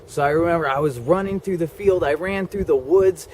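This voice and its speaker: A man's voice: on the high side, a little fast, darkish tone, slight background noise. A man telling a personal story in a rambling way, full of "like" and "okay?" asides. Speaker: vlogger.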